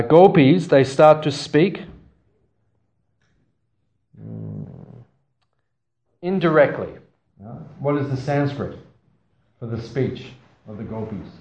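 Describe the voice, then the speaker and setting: A man's voice: a little high, darkish tone, a little hiss or hum. A man giving a scripture class to a small audience. He tells stories, asks the audience questions, and makes playful asides. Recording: roomy, slightly dull sound.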